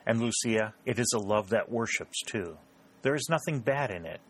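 Guy reading a proud lovesick secretary, intense and pleading, lowish voice. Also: expressive, moderate pace, a bit bright, breathy edge, full character voice. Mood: ardent. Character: ardent proud male secretary in love.

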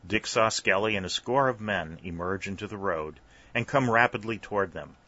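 A man narrating a story, with steady, even storytelling. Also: fairly low pitch, normal speed. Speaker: audiobook narrator. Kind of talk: scripted narration. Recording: slightly dull, dry recording.

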